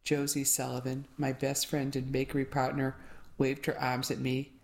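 A woman narrating a short story aloud, steady and clear. Her voice sits low and even as she reads the narration. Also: moderate pace. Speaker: audiobook reader. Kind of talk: audiobook narration.

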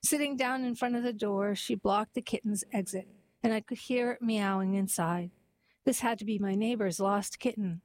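A woman narrating a heartwarming story and then reading a poem aloud in a gentle, even storytelling manner. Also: medium pitch, moderate pace, low-quality recording.

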